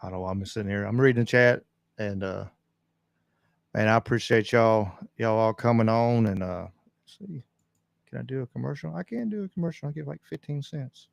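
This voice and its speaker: A man's voice: mid-range voice, brisk, vocal fry, no echo. A man hosting a casual livestream podcast, rambling in a laid-back way with lots of fillers. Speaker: podcast host. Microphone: desk mic on a stand.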